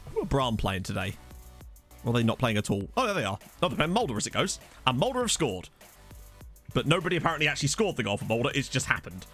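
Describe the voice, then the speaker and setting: Lively chatty man gaming. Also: mid-range voice. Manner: chatty, jokey, reacting to the match. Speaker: gaming channel host. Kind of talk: casual let's-play commentary. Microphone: desktop studio mic.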